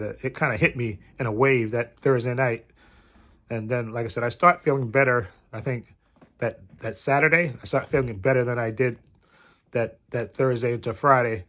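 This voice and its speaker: A male vlogger recovering from a cold talks casually from bed, rambling, circling back, and repeating "like I said." His voice is medium-pitched with a fairly bright tone.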